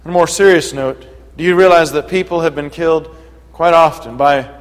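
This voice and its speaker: A man preaching a sermon in an earnest manner that rises to forceful emphasis. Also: fairly high pitch, brisk, long reverb tail, low-quality recording.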